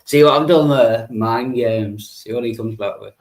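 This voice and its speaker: A man's voice: medium pitch, normal speed. A man hosting a livestream in casual chat, joking, laughing often and swearing. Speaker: livestream host.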